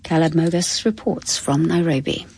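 Husky female newsreader. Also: deep voice, moderate pace, warm tone. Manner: crisp formal newsreading. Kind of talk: scripted news bulletin.

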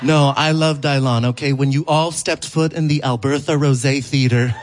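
A man's voice: normal speed, noisy background. A male comedian doing a live stand-up set on a theater stage, telling stories animatedly and laughing through his punchlines. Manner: animated storytelling that jumps high for quoted voices.

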